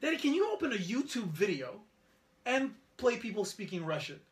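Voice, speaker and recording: Speaking a little fast in a high register, a man co-hosts a podcast and relates a family story in relaxed conversation. He brings it to life by acting out what the people said, especially his son.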